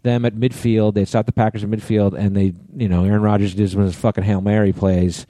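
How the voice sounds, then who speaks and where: A man's voice: lowish voice, level tone, fast talker, warm tone, no echo. A middle-aged man from the US East Coast, co-hosting a podcast and rambling through a story with lots of swearing. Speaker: podcast co-host. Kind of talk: casual chat.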